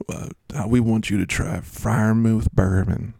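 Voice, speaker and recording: A man's voice: on the low side, fairly even intonation, unhurried, creaky, hardly any pauses, mellow, husky, dry recording. A man hosting a fantasy football podcast in a jokey, rambling casual chat. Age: adult, works as a schoolteacher. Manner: jokey and rambling, with frequent laughs.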